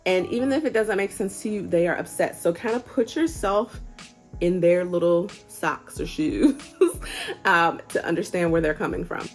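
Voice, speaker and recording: A young adult woman giving casual parenting advice to camera in an earnest, gently encouraging, conversational way. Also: fairly low pitch, normal speed, faint music behind. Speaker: parenting vlogger.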